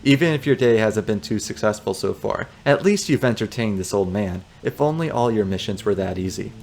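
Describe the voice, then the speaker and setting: A man with a fairly low, creaky, slightly mellow voice talks expressively and a little fast while doing a let's play of a text adventure. He reads the narrative aloud, punctuating it with amused, joking asides.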